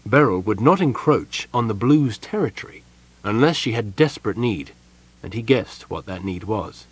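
Male fantasy audiobook narrator, husky tone, animated pitch, storytelling read. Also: moderate pace, low-quality recording. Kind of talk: scripted narration.

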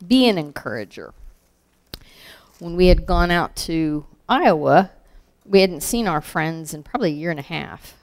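A woman's voice: on the low side, gravelly, a little mellow. A woman giving an informal sermon, telling stories in a reflective, conversational way.

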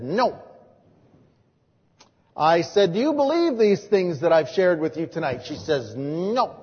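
A man preaching as a pastor, telling stories from his ministry and moving between hushed and emphatic delivery. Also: high voice, breathy edge. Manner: storytelling, swings from hushed to emphatic. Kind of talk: sermon with personal testimony. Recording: dull recording in a reverberant hall.

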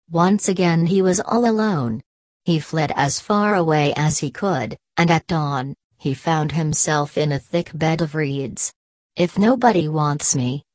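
A woman narrating a fairy tale as scripted storybook narration, in a measured, gentle reading. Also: sits low, no echo.

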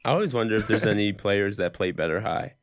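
A man's voice: lowish voice, fast. A man co-hosting a casual podcast chat, giving blunt, slangy opinions. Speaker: podcast co-host.

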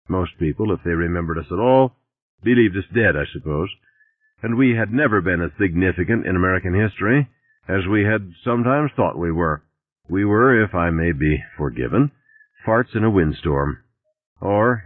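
A man's voice: deep voice, no room sound. A man reading a novel aloud in a dry, wry first-person voice. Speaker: audiobook narrator. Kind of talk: audiobook reading. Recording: tinny dry lo-fi recording.

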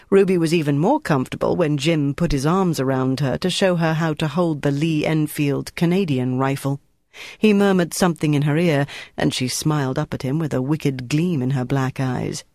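An audiobook narrator reads a novel with a steady, measured storytelling delivery. The scripted narration is in a mid-range voice, recorded dry with clean studio sound.

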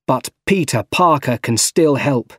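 A man's voice: mid-range voice, expressive, unhurried, dry recording. A man voicing a guilty, grieving young man, close to his own plain, earnest voice.

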